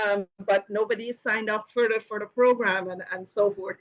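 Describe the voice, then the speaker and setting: A woman's voice: medium pitch, steady tone, normal speed, hardly any pauses, lo-fi sound. A woman hosting a live question-and-answer session, telling a personal story casually with many "you know" fillers and light laughs. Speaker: host of a live Q and A.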